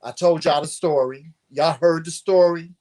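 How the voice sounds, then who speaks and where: A man co-hosting a casual talk show, telling a personal story in an animated, profane and emphatic way. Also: fairly high pitch, normal speed.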